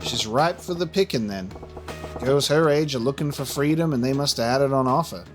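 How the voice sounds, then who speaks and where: A man's voice: mid-range voice, fairly quick, faint music behind, close to an everyday voice. A man doing a brash Aussie tough guy. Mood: cocky. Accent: put-on Australian. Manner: brash, cocky. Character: brash streetwise man with stereotypical Australian accent. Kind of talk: reading game dialogue aloud.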